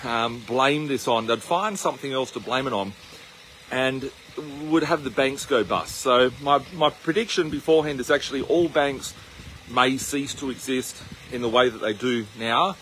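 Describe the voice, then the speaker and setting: A man's voice: mid-range voice, normal speed, fairly bright tone, slight background noise, low-quality recording. A man with an Australian accent, talking casually to a handheld camera while he walks outdoors, rambling with lots of fillers and restarts. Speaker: investment channel host. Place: outdoors on his farm, walking.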